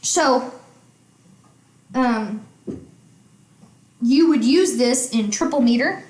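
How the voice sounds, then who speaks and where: A woman teaching music in a relaxed, conversational way, her voice sitting a little on the high side. She keeps checking in with her listener as she explains. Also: extremely slow, echoey room, slight background noise. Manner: chatty, checks in with frequent "okay?". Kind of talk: casual instruction.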